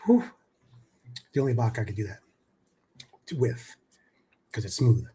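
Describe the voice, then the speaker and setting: A man's voice: lowish voice, measured pace, dark tone, slight background noise. A middle-aged man from the New York area hosting a casual sports talk show, chatty, with many fillers and repeated words.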